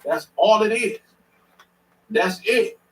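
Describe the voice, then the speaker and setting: A man's voice: high-pitched, takes it slowly, distant mic, poor audio. A man hosting a stream, giving blunt, slangy reaction commentary and repeating himself for emphasis. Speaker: stream host reacting to a clip.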